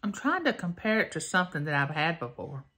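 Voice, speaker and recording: A woman's voice: low-pitched, sing-song, brisk, pushed and bright, slightly rough. A woman, chatting folksily to her viewers in a casual taste-test vlog. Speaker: vlogger.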